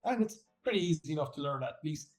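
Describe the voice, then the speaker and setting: A man from Ireland with a softened Irish accent, chatting casually as an interview guest, rambling with fillers and restarts. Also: on the high side, animated, fast, poor audio. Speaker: guest actor.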